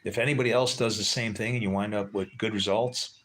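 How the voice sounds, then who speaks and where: A man's voice: on the low side, steady tone, a little fast, a bit bright. A man chatting casually with livestream viewers from a porch at dusk, rambling and joking with frequent chuckles.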